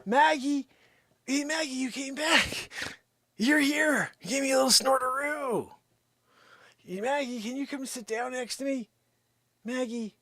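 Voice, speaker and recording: A man putting on the voice of a young male dog that begs and wails in high, desperate pleas. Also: a little slow, long pauses, fairly bright tone, dry recording, studio quality, exaggerated voice. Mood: pleading. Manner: high wailing pleas, near sobbing. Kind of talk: comedic put-on pet voice on a livestream.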